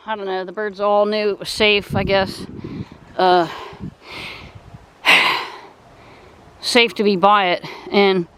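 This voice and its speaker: A woman's voice: fairly high pitch, fairly bright tone, clean tone, low-quality recording. Chatty woman rambling on a nature walk. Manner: chatty, rambling, self-correcting. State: out of breath. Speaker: nature vlogger. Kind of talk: casual walking narration. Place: outdoors at a wildlife refuge pond.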